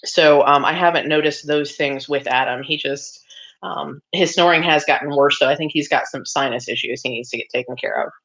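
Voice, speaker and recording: A woman's voice: low voice, a little fast, a bit bright. A woman hosting a casual craft livestream, reading viewer comments aloud and chatting back with lots of ums and laughs. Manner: chatty, reads out viewer comments and answers them; frequent laughs and filler ums. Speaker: livestream host. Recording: slightly dull lo-fi sound.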